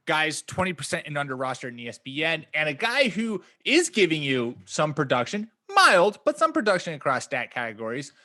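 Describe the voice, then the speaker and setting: Lively bright-voiced man chatting stats. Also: a little fast, few pauses. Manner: animated, laughing, profane, jumps up in pitch when stressing stats. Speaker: podcast co-host. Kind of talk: casual fantasy sports chat.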